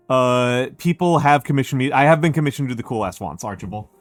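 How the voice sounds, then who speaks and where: A man's voice: mid-range voice, animated, quick pace, few pauses. A middle-aged man from Chicago with a Chicago accent touched by New York, chatting casually on a stream in a rambling, self-correcting way full of fillers. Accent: Chicago with some New York. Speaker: VTuber streamer.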